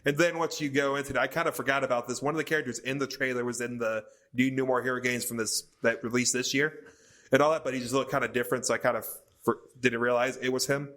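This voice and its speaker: A man's voice: mid-range voice, steady tone, quick pace, a bit bright. A man guesting on a gaming podcast, talking enthusiastically as a fan. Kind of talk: casual chat.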